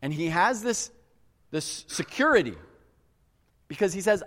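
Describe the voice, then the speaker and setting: A man's voice: sits high, measured pace, pauses often. Earnest preacher man in a reverberant hall. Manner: earnest, animated storyteller who addresses the crowd as guys. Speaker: pastor. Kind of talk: sermon with personal storytelling. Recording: long reverb of a large hall.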